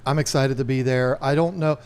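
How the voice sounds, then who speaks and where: A man's voice: mid-range voice, steady tone, brisk, a little mellow, clear, resonant tone. A man in his fifties co-hosting a podcast, chatting casually in a rambling, enthusiastic way. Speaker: podcast co-host. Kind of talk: casual chat.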